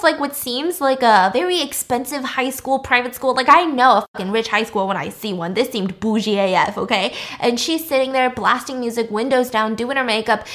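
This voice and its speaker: A young woman with a slightly high voice, chatting through a film plot in a loose, animated way. She swears freely and keeps it casual and conversational. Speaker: storyteller.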